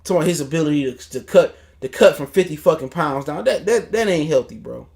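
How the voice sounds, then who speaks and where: A man's voice: a little high, animated, fast, creaky, darkish tone. A man hosting a casual boxing livestream, ranting in a heated, profane, mocking way. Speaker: boxing talk show host.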